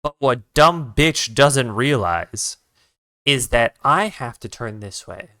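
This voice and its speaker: A streamer recounts a long drive while sketching on a live stream, ranting and cursing at other drivers. The voice is bright and swings widely in pitch, and it sounds dry and close to the mic. The streamer often stops to restart sentences while redrawing. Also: lively intonation, takes it slowly, no room sound. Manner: profane, ranting, retells the conversation in others' voices. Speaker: art streamer. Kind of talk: casual story time while drawing on a live stream.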